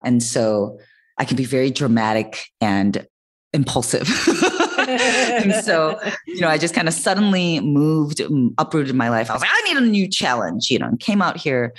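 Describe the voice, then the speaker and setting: A young woman telling a personal story in a casual podcast chat, expressive and animated. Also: rumbling low, moderate pace. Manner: expressive, animated, swearing and laughing. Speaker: podcast guest.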